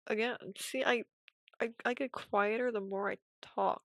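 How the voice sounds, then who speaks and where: Soft-spoken woman with a gravelly voice. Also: on the high side, fairly even intonation, a little slow, dry recording. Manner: soft, quiet, half-whispering. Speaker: animation streamer. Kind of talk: casual commentary while drawing. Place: at home.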